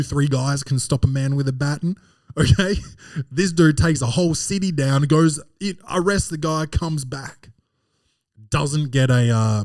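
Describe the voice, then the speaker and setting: Male podcast host, mid-pitched, dry close sound, animated and profane comic recap. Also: no room sound. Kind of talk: comedic film recap.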